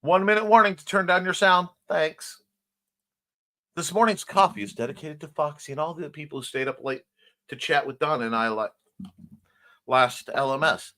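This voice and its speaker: A man's voice: fairly high pitch, normal speed, pauses often, sharp tone. A man hosting a casual morning livestream, chatting playfully and reading viewers' comments aloud. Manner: chatty, playful, reads chat messages aloud. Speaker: host.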